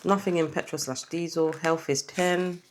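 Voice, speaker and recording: A woman's voice: low-pitched, fairly even intonation, moderate pace, a little hiss or hum. A woman from England chatting casually through her weekly cash budget, tired and rambling. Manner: rambling, chatty, talks while counting cash. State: tired, yawning. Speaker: budgeting vlogger. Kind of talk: casual budget vlog chat.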